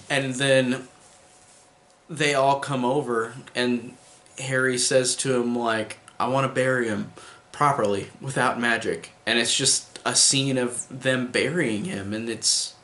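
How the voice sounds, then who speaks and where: A man's voice: mid-range voice, fairly bright tone. A man giving a casual film review in an enthusiastic, emotional, rambling way. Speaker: movie reviewer. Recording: roomy echo.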